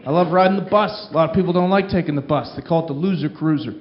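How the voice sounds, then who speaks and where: A man's voice: a little high, racing, muffled recording, slight background noise. A man doing a stand-up comedy set on a club stage, telling stories and acting out the people in them. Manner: animated storytelling, acting out characters' lines. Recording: roomy club recording with crowd laughter.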